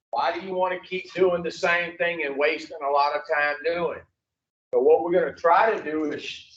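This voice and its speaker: Teaching an addiction recovery class, a man speaks with a fairly high, bright voice, bluntly and with profanity. He quizzes the group in call-and-response fashion. The audio is lo-fi and dull, recorded at a distance in an echoey space.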